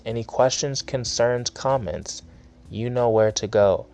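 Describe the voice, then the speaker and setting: A man's voice: on the low side, a little mellow, smooth, highs cut off. A young man hosting his own podcast, ranting angrily with heavy swearing in a casual, heated way. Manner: angry, profane, ranting. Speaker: podcast host. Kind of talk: solo podcast rant.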